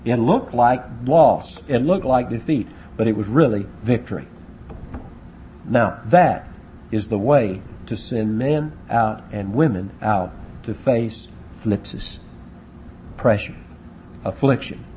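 A man's voice: medium pitch, takes it slowly, dark tone, muffled recording, a little hiss or hum. A man preaching a sermon, asking rhetorical questions and acting out quotes. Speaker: pastor.

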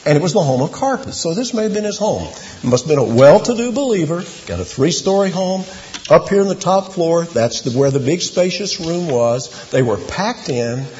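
A man preaching a sermon, telling a Bible story in an animated way with rhetorical questions. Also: medium pitch. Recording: dull lo-fi with long hall reverb and faint hiss.

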